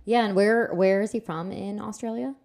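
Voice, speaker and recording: A woman's voice: mid-range voice, moderate pace, creaky, a crowd in the background. A woman hosting a podcast, chatting eagerly and asking leading questions. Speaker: podcast host. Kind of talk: casual interview chat.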